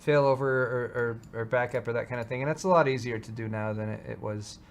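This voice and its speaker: A man's voice: medium pitch, steady tone, fast, a little hiss or hum. A man hosting a casual tech show, answering hardware questions in a loose, rambling way. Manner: rambling, restarts sentences, easygoing. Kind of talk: casual chat.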